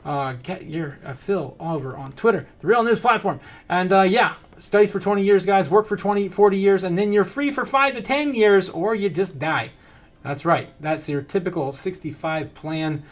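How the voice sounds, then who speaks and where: A male host on a livestream reads chat aloud, skips between subjects and often bursts out laughing. His notably high voice sounds casual and excited, moving at a moderate pace.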